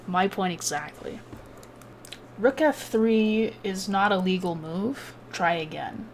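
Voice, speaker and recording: A woman's voice: on the low side, slow. Southern woman streamer, loose and chatty, salty language, faint noise under the voice. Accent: Southern American. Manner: chatty, swears freely, restarts often. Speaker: chess streamer. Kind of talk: casual chess analysis.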